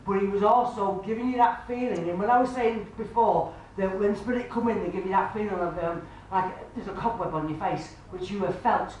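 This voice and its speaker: A woman performs a live mediumship reading for an audience in a very echoey club room, heard from a distant mic over a faint hiss. Her middle-pitched voice is darkish and a little fast, with hardly any pauses. Chatty and homely, she calls the sitter love and sweetheart and keeps asking whether they understand.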